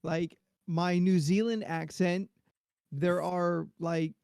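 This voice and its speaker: A podcast co-host chats casually, rambling and restarting his sentences. His voice sits high with a fairly even intonation and a slow, creaky delivery, yet it's slightly mellow, clear and resonant. The recording is dry and of studio quality.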